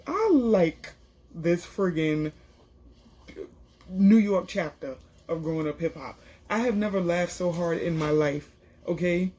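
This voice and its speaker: A woman's voice: sits low, mellow, slightly rough. A woman casually recapping a reality TV episode in a chatty, slangy way, full of fillers. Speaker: TV show reviewer.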